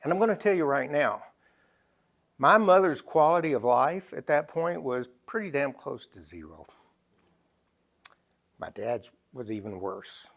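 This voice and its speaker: A man in his sixties giving an emphatic storytelling talk, full of dramatic pauses. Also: medium pitch, sing-song, a bit bright. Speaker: speaker.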